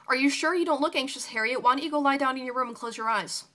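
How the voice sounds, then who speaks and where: Woman doing a brushing-off nurse, bright higher voice. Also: quick pace. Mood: dismissive. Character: dismissive ward nurse woman.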